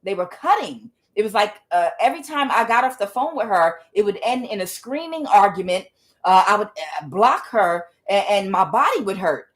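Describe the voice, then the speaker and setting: A woman's voice: mid-range voice, sing-song, moderate pace. A woman tarot reader in a casual monologue who tells her story bluntly, swears freely and repeats words for emphasis.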